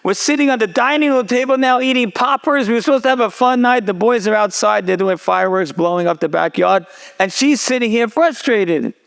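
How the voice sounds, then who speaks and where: A man's voice: sits high, a little fast, gravelly, fairly bright tone, clear, resonant tone, pitched above the performer's own voice. A man voicing his frustrated thirteen-year-old daughter, whiny and exasperated.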